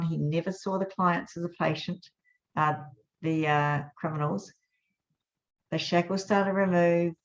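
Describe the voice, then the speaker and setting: A woman hosting a motivational live talk, speaking in an earnest, reflective way with gentle pauses. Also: sits low. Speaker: host. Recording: dull lo-fi sound.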